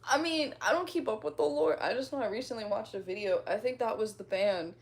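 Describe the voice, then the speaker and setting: Young woman streamer, a little high-pitched, slangy, rambling, quick to laugh. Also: a little hiss or hum. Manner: rambling, slangy, laughs a lot, dramatic retelling. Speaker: streamer chatting with followers. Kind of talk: casual chat.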